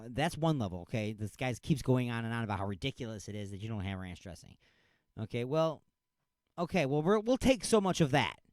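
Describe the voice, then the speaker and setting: A man's voice: medium pitch, no echo, studio quality. A man hosting a talk radio show, ranting sarcastically and comedically, often repeating that he is just saying.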